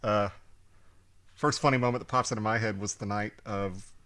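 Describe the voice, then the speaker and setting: A man's voice: fairly low pitch, fairly even intonation, moderate pace, a bit bright. A man co-hosting a casual podcast, easygoing and wisecracking. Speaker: podcast co-host. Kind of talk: casual chat.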